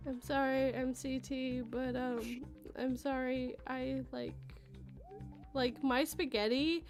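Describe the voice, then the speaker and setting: A woman from Canada hosting a casual podcast chat, talking in an animated, chatty way and laughing often. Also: high voice, takes it slowly. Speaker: podcast host.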